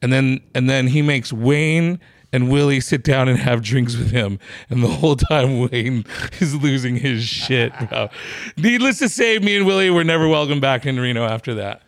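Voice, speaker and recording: A man's voice: mid-range voice, moderate pace, dry recording. A man hosting a casual podcast, telling a profane comedy-club story and acting out the quotes. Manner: animated, profane, acts out quotes.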